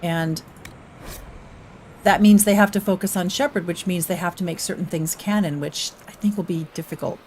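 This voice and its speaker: A woman's voice: fairly low pitch, steady tone, moderate pace, darkish tone, a little hiss or hum. A woman chats her way through a live gameplay stream. She rambles casually, hops between topics and reads her chat aloud. Her delivery stays loose and conversational. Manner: chatty, rambling, talks to chat between game actions.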